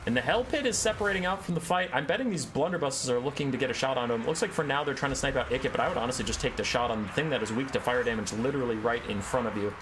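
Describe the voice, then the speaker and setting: A man narrating a story and then giving lively play-by-play commentary on a strategy game battle. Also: mid-range voice, racing, hardly any pauses, background noise.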